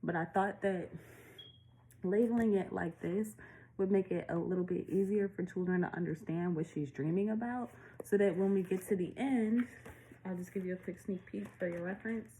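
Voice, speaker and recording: A woman's voice: mid-range voice, normal speed, dark tone, slight background noise, poor audio. A woman illustrator walking through her picture book in a casual, chatty way, out of breath and laughing often.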